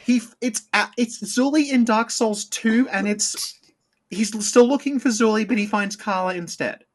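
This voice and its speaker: A podcast co-host with a medium-pitched voice rambles casually through game lore at a moderate pace, leaning heavily on "like" as filler.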